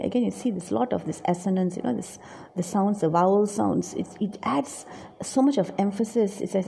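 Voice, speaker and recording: Middle-aged woman, Bible teaching, confessional and animated, warm dark tone, rough fry. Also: mid-range voice, moderate pace. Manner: confessional, animated, acts out her own inner voice.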